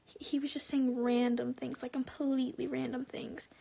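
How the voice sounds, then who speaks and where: A woman telling a personal story on a live stream, rambling with lots of "like" and restarts, sometimes dropping to a soft whisper. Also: high-pitched, little pitch movement, moderate pace, gravelly, a little hiss or hum. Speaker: livestreamer.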